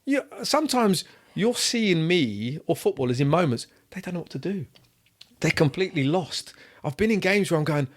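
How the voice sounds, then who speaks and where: A man, a footballer, telling animated stories in a casual podcast chat and acting out what others said. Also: fairly high pitch, normal speed. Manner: animated storyteller, acts out quotes. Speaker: footballer guest.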